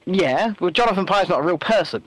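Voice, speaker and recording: A man's voice: high-pitched, expressive, a little fast, fairly bright tone, low-quality recording. A man co-hosting a casual political chat, mocking and sarcastic, sometimes slipping into impressions. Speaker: podcast co-host.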